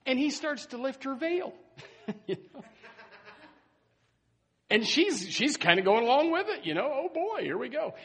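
A man preaching a sermon in a church, animated and full of stumbling restarts and repeated words. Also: very high voice, a little slow, pauses often, slightly rough. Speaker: pastor. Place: church sanctuary. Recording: long hall reverb.

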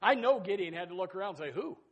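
A man preaching a sermon as pastor, emphatic and folksy, swinging between loud bursts and soft asides and repeating his phrases. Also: high voice, lively intonation, racing, breathy edge, lo-fi sound. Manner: folksy, addresses listeners as folks and says amen.

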